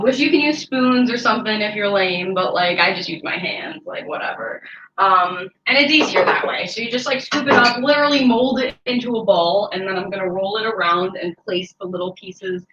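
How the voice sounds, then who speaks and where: A woman hosts a cooking show from her home kitchen, chatting and joking through a recipe with plenty of "like" in her speech. Her medium-pitched voice is bright and forceful, and the home recording is echoey and slightly dull, with slight background noise.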